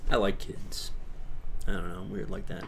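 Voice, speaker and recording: A man's voice: low voice, steady tone, moderate pace, gravelly, slight background noise. A man hosting a casual livestream, rambling and laughing as he answers chat questions. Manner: chatty with frequent restarts. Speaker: livestream host.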